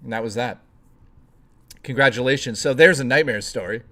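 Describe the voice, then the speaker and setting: A man's voice: medium pitch, moderate pace, fairly bright tone. A man hosting a live stream, chatting casually with viewers, swearing freely and reading the chat aloud. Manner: profane, playful, reads chat aloud.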